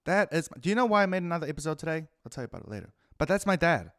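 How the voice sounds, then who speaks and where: A man with a New Zealand accent ranting profanely through a rambling solo monologue, swinging between loud outbursts and muttered asides. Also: a little high, very animated, rapid-fire, no room sound, clean studio sound. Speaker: podcast host.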